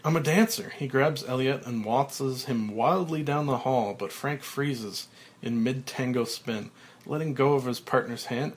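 A man, a podcast host, reading a script's stage directions aloud in a steady, matter-of-fact way, with small slips. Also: mid-range voice.

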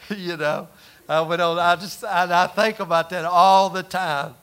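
A man preaching a sermon, telling folksy stories and rising to loud emphasis. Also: sits high, steady tone, slow pace, clear, resonant tone. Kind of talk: sermon with personal story.

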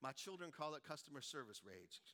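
A middle-aged male preacher with a high, bright and ringing voice. He delivers a sermon in a storytelling way, often checking in with the congregation with quick rhetorical asides. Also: big pitch swings. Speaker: pastor.

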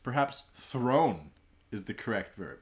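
A man co-hosting a casual podcast, reading news stories aloud and breaking off into dark jokes and asides. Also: lowish voice, very animated, slow pace. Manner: reads headlines then riffs with dark jokes. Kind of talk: casual comedic news chat.

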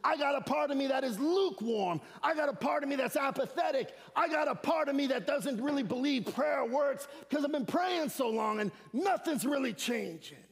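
A man preaching an animated sermon as a guest speaker, with slangy asides and shouted emphasis. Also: very high voice, normal speed, creaky, hardly any pauses, long reverb tail. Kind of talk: energetic sermon. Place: church sanctuary.

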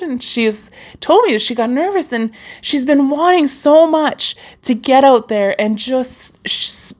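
Speaking into her mic in an unhurried yet animated way with few pauses, a young podcast host with a high voice chats encouragingly in a casual solo monologue, often using fillers and starting over.

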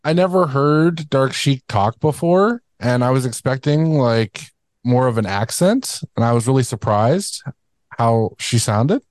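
A man's voice: medium pitch, lively intonation, darkish tone, dry recording. Hesitant man in a dry room. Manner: hesitant, halting, many fillers. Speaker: podcast co-host. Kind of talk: casual chat.

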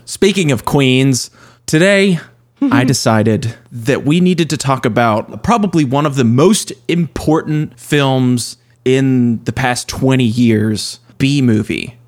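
A man's voice: medium pitch, slow, a little mellow. A man hosting a casual movie podcast with playful, self-mocking banter. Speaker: podcast host.

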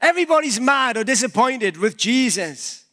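A man's voice: very high voice, big pitch swings, normal speed, sharp tone. A male pastor giving a conversational sermon in a church, using props and everyday examples.

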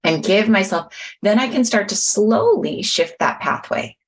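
A woman's voice: mid-range voice, expressive, measured pace, breathy edge. A middle-aged woman in casual conversation, explaining mindfulness and self-compassion in an earnest teaching manner.

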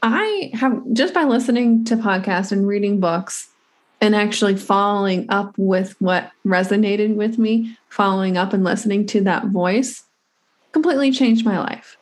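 A woman's voice: mid-range voice, normal speed. Woman, podcast host, earnest, reflective, casual chat, restarts sentences. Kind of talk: casual conversation.

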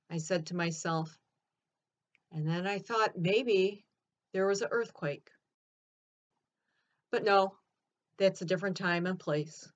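A woman playing Mary Magdalene, telling her own story in an earnest, expressive first-person monologue. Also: medium pitch, highs cut off, close to an everyday voice.

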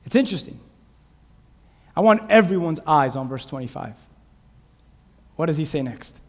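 A man preaching a sermon as pastor to a church congregation on a clip-on mic, animated and dramatic, often quizzing the listeners. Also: on the high side, moderate pace. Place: church sanctuary. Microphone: clip-on lapel mic. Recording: reverberant church hall.

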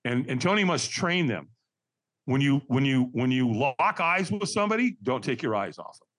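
A man telling a personal story as a podcast guest, energetic and vivid, acting out what others said. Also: medium pitch, normal speed. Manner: energetic, acts out quoted voices, frequent restarts. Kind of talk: animated storytelling.

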